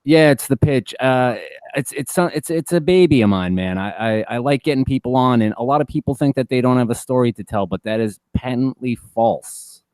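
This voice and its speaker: A man's voice: mid-range voice, normal speed, a little mellow, dry recording. A man chatting easily as a guest on a livestream call, stumbling over his words with small restarts. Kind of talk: casual chat.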